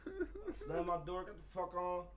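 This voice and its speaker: Recorded from a distance with faint background noise, a high-voiced man tells a profane story at a measured pace. He's chatting casually and animatedly acts out the heated lines.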